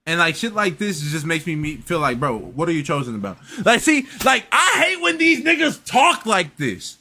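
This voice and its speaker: A man's voice: high-pitched, big pitch swings, a little fast, bright, forceful tone. A man giving reaction commentary, exasperated and rambling, often stammering and repeating words. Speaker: reaction streamer.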